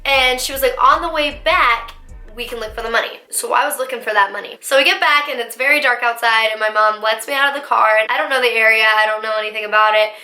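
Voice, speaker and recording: A young woman vlogger telling a dramatic story in a lively, animated way. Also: a little high, fast talker, hardly any pauses, soft background music. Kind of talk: storytime vlog. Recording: echoey room.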